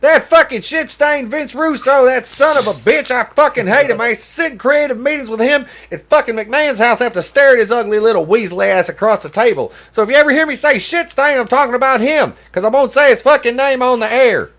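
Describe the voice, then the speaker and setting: A man's voice: extremely high pitch, a little fast, few pauses, a bit bright. A man doing a comedic impression of a famous middle-aged wrestling commentator, ranting furiously and swearing.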